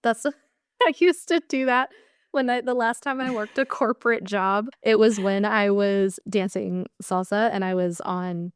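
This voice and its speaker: A woman's voice: mid-range voice, a little slow, clean tone, dry recording, clean studio sound. An American woman co-hosting a casual podcast about dance, thoughtful and encouraging, laughing often. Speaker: co-host, dance instructor.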